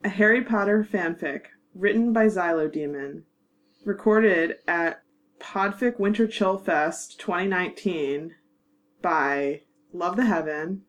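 A woman narrating a fanfiction audiobook in a measured, wry storytelling manner. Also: lowish voice, rough recording. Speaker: narrator and producer.

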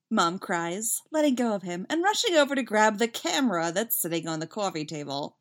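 A woman reading a fan story aloud with lively, expressive narration. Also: mid-range voice, moderate pace, few pauses. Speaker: fanfiction reader.

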